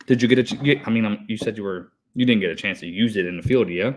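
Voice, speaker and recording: A man's voice: fairly low pitch, quick pace. A man in his thirties, an HVAC technician co-hosting a podcast, telling a rambling story in a hyper, breathless way with lots of swearing. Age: 30s. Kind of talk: casual chat.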